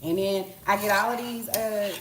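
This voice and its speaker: In her home kitchen, a woman in her thirties talks her way through a cooking live stream in a casual, slangy manner, tossing in asides and rhetorical questions. Her voice sits at medium pitch with a steady tone and moderate pace, against background noise. She's recorded on a tablet propped on the counter, and the echoey room rings with pots, utensils and stirring.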